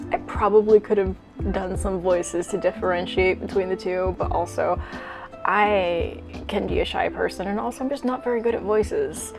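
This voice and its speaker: A woman's voice: lowish voice, gravelly. A woman hosting a video, mixing wry, sarcastic commentary with reading a story aloud. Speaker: fanfic reading host.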